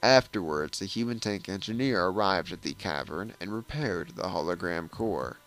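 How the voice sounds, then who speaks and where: A man's voice: low voice, moderate pace, poor audio. A man hosting a let's play, reading game text aloud and adding sarcastic asides. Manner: lively, switches between reading and sarcastic asides.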